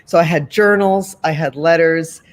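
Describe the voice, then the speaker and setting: A woman's voice: deep voice, moderate pace. A woman in her sixties from the Boston area, telling a long story as an interview guest, with many asides and restarts.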